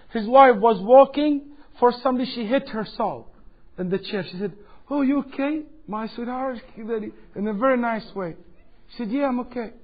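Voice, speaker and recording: Lecturer, male, high voice, animated storyteller; dull lo-fi tape. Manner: animated, acts out quoted dialogue. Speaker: Islamic lecturer. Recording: dull lo-fi 2007 lecture recording.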